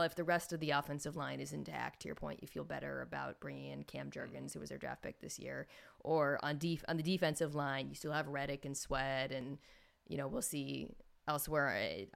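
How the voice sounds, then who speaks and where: Low gravelly woman host chatting football, lots of um and like. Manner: chatty, thinks aloud with fillers and restarts. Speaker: podcast host. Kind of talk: casual sports talk.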